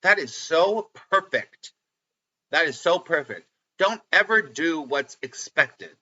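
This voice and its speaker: A middle-aged man hosting a live stream as a spiritual teacher, chatting casually and excitedly, often laughing and repeating lines. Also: fairly high pitch, takes it slowly, lo-fi sound.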